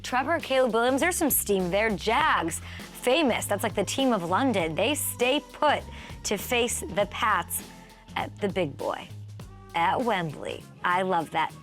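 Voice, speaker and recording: Excitable woman sports show host. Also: measured pace, soft background music. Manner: excitable, energetic, big swings in pitch. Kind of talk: sports talk monologue.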